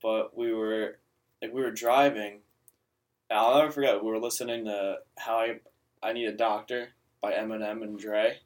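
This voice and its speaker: A man's voice: fairly low pitch, fairly even intonation, moderate pace, recorded from a distance. A young man in casual podcast chat, telling a rambling story full of filler words.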